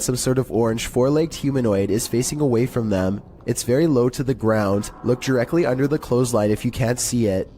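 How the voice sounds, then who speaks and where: Monotone man narrating creepy clips. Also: medium pitch, a little hiss or hum. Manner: monotone, calm delivery. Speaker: narrator of a creepy-video countdown. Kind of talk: scripted narration.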